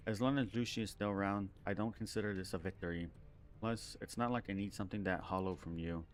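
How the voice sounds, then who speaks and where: A battered female android doll, calm and defiant, with a quietly mocking edge, voiced by a man reading game dialogue on stream. The voice sits deep and low. Her words come steady and unhurried. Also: soft background music, lightly acted.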